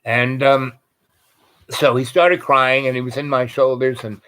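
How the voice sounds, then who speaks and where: A man's voice: mid-range voice, level tone, unhurried, a bit bright. A man telling a long personal anecdote in a rambling, digressive way, often restarting his sentences and swearing casually. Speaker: guest telling a personal story.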